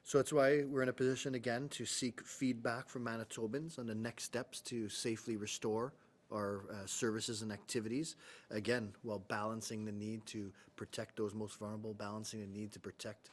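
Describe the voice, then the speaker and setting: Flat-voiced man giving a health update. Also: lowish voice, fairly quick. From Canada. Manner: even, matter-of-fact, frequent "uh" fillers. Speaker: chief public health officer. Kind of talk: press briefing update.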